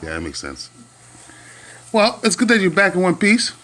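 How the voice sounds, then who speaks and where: A man's voice: high voice, wildly swooping pitch, normal speed, a bit bright. A man chatting playfully with his dog, asking teasing questions. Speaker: dog owner. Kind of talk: playful one-sided chat with his dog.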